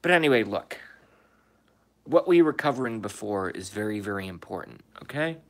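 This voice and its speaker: A man with a somewhat low voice talks on a casual livestream from his room. He reads viewers' comments aloud and answers them. He swears freely and leans on emphatic rhetorical questions. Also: expressive, normal speed. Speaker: livestream host reading chat.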